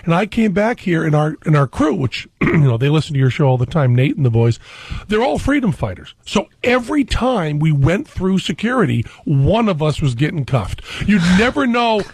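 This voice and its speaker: Man, gravelly voice, higher pitch, animated storytelling, dry radio studio sound. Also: moderate pace, no room sound. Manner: animated storyteller, jumps high when excited. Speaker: guest. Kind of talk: casual talk radio chat. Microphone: studio mic.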